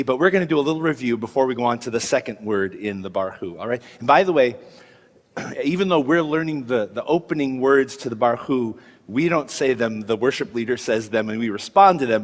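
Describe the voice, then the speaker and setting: Guy teaching hebrew letters to a congregation, friendly, gets everyone to repeat, big reverby hall. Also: mid-range voice. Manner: friendly, prompts the group to repeat sounds; clears throat now and then. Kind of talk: informal group lesson.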